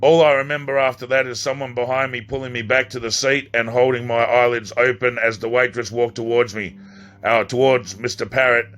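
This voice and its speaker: A man's voice: mid-range voice, flat delivery, fairly bright tone. A man reading his own novel aloud as an amateur audiobook, stumbling and restarting lines now and then. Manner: halting reading with restarts and slips.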